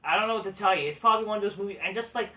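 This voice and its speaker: Man ranting about wrestling, bright forceful voice, profane, off-mic, echoey room. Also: high voice, rapid-fire, distant mic. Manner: profane, heated, frequent restarts. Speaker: wrestling show reviewer. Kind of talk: ranting review vlog.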